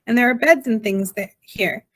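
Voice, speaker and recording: A woman's voice: fairly high pitch, moderate pace, husky. A woman reading aloud, voicing an earnest, eager young boy.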